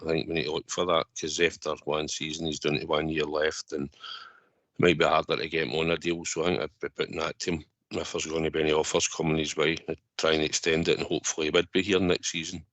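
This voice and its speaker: A Scottish man calling in to a fan radio show, talking in a measured way with many fillers. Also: rumbling low, flat delivery, fairly bright tone, no room sound. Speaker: caller. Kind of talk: phone-in chat.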